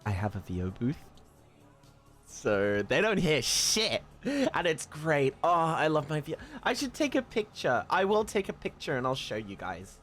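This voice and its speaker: A chatty man from the south of England with a southern English accent, reading comments to his stream. His voice is very lively and swings often into excited squeals, and he trips into restarts as he talks. Soft music plays faintly underneath. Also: unhurried. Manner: animated, jumps to high excited squeals; stammering restarts. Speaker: livestreamer. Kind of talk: casual chat reading live comments.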